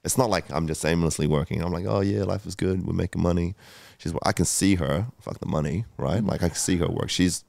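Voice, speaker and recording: Podcast guest: very low, gravelly man, candid and emotional, swears freely, dry sound. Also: brisk, hardly any pauses, darkish tone, dry recording. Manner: emotional, swears often, many fillers. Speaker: guest entrepreneur. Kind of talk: candid storytelling chat.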